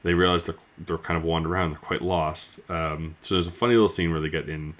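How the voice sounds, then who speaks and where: A man's voice: low voice, fairly even intonation, fast talker. A man giving a casual spoken book review, talking in a loose, rambling way with lots of fillers.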